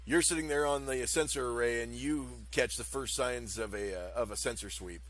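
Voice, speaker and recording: A man's voice: medium pitch, normal speed, a bit bright. A man narrating as game master of a tabletop game, rambling with fillers and frequent laughter.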